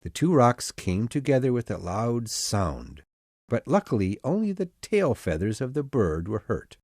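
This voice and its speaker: A man narrating an abridged audiobook of myths in an expressive storytelling manner. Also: medium pitch, measured pace, dry recording, studio quality.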